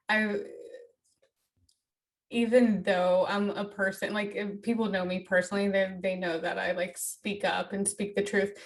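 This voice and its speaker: A woman's voice: medium pitch, far from the mic. A woman hosting an interview, chatting earnestly with lots of fillers. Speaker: interview host. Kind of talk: casual interview talk.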